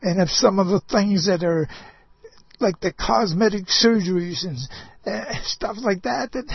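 A man preaching a sermon, impassioned, swinging between loud outbursts and soft low asides. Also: vocal fry, breathy edge, dry recording, muffled recording.

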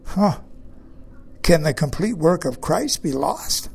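A man's voice: on the high side, big pitch swings, slow pace, creaky, darkish tone, husky. A man preaching a sermon, emphatic, repeating key phrases and putting questions to his listeners.

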